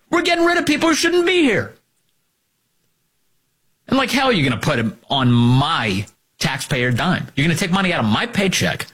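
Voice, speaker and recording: Husky, sarcastic talk radio host, man. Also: high-pitched, fairly bright tone. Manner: sarcastic, combative, swings between mocking voices and emphatic outbursts. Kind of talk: political talk radio commentary.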